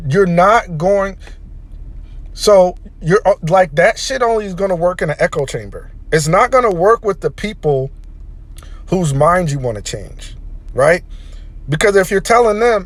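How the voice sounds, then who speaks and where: A man's voice: fairly high pitch, expressive, a little slow. A man delivering a heated, profanity-laden opinion rant as a vlogger. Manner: heated, profane, emphatic ranting.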